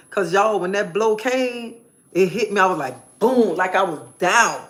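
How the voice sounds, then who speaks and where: A woman's voice: mid-range voice, expressive, unhurried. A woman live streamer giving an emphatic personal testimony, repeating phrases in a preacherly way.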